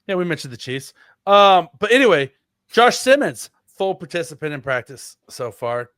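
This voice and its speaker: A man co-hosts a casual sports podcast, rambling with plenty of fillers, restarts, and self-corrections. His voice sits high, very animated and fairly bright, at a normal speed, in studio-quality audio with no room sound.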